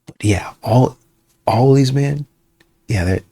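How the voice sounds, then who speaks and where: A man's voice: mid-range voice, slow, creaky, mellow, breathy edge. A man hosting a reaction video, talking in a casual, conversational way and sometimes putting on voices to quote people. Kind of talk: casual commentary.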